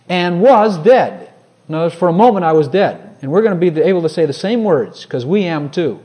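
A male preacher with a high voice delivers a sermon. His pitch climbs and falls constantly. Quiet, chatty asides give way to loud, ringing quotes from scripture.

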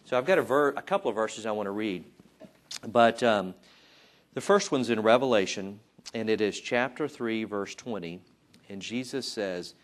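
A man with a lowish voice gives a relaxed, chatty sermon. He puts on voices for the people in his stories and pokes fun at himself along the way. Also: moderate pace. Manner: conversational, acts out voices and jokes about himself. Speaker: Bible teacher. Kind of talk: informal sermon. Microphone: taped.

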